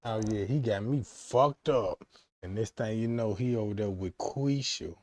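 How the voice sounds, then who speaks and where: A man's voice: lowish voice, moderate pace, mellow, no echo. A man rambling through a crude comic story, often checking in with his listener and acting out other people's lines. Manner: rambling, keeps asking "you know what I'm saying", acts out quoted voices. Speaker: streamer.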